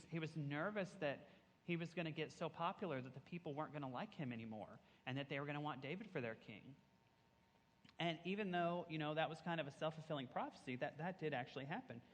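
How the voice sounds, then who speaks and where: A man, a camp pastor, telling a Bible story to children and leading them in call-and-response shouts. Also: on the high side. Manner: animated, leads kids in call-and-response shouts. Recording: long hall reverb.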